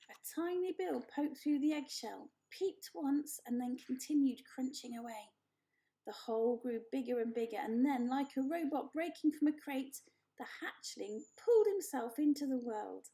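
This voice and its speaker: A woman reading a children's book aloud, in an expressive, gentle storytelling style. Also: fairly high pitch, measured pace, vocal fry.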